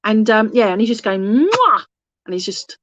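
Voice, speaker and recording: An English woman works as a medium in an online service, talking quickly in a mid-range voice with fairly even intonation and no echo. She's chatty and rambling, often losing her thread and starting over, with affectionate asides to her listeners. She's recorded on a phone held in her hand.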